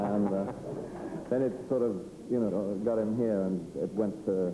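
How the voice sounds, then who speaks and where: A man's voice: fairly low pitch, a little fast, echoey room, background noise. A man, an actor, answering interview questions in a rambling way, chuckling and breaking into small impressions. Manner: rambling, chuckling storyteller who slips into little voices. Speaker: actor interviewed about his roles. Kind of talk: interview anecdote.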